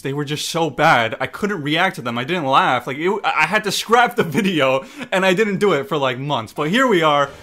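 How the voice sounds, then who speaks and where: A young man reacting to memes in casual commentary, excitable and mock-exasperated, swearing and laughing often. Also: a little high. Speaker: YouTube meme reactor. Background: faint background music.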